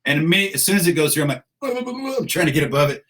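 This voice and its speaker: A man's voice: fairly high pitch, very fast, fairly bright tone, poor audio. A middle-aged man, a podcast guest in a studio, telling salty, profane anecdotes with laughs in a casual interview.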